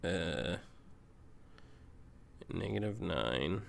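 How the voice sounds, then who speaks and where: Slow, gravelly man reacting. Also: low-pitched, animated, slight background noise. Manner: amused, laughs often, breaks into asides. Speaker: reaction video host. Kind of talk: casual reaction commentary.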